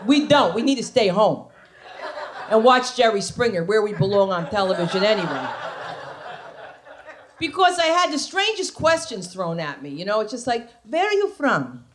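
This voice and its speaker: A stand-up comedian from New Jersey, USA, performs at a comedy club, her medium-pitched voice sing-song at normal speed with long pauses. Brash and story-driven, she acts out quotes and hits loud punchlines to audience laughter.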